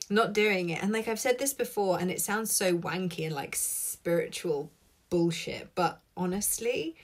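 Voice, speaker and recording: A woman hosting a live stream, chatting casually to viewers, swearing freely and reacting to their comments. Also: lowish voice. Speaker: host of live tapping session. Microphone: laptop.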